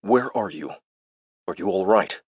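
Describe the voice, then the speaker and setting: A man voicing a calm, measured man on the phone with a thin voice. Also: fairly low pitch, breathy edge, dry recording.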